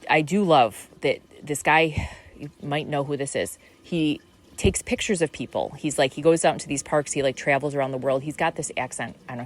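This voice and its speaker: Low-pitched woman host rambling gently about inner work, lots of "you know"s. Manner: musing, meandering, many fillers and restarts. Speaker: podcast host. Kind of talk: reflective spiritual monologue.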